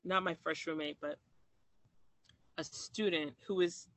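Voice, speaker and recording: A man's voice: on the high side, fairly even intonation, a little slow, a bit bright, dry recording. A man from Maryland telling a personal story in an interview, reflective, with restarts and acted-out quoted dialogue. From Maryland, USA.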